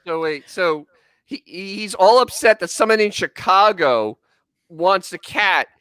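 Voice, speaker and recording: High, bright, crude-joking man. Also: expressive, measured pace, smooth, dry recording, clean studio sound. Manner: crude, joking, swears freely. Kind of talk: profane radio show banter.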